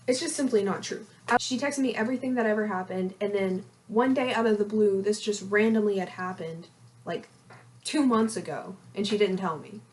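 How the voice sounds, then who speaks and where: A young woman in her twenties co-hosting a podcast, telling a gossipy story in a lively, animated way. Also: medium pitch, normal speed. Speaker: podcast co-host. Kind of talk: casual storytelling chat.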